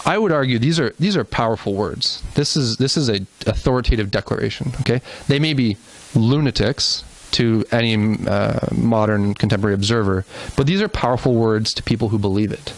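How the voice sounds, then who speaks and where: A man's voice: medium pitch, a little fast, low-quality recording. Earnest man lecturing in a church. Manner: earnest, explaining, frequent restarts and asides. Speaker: presenter. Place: church hall.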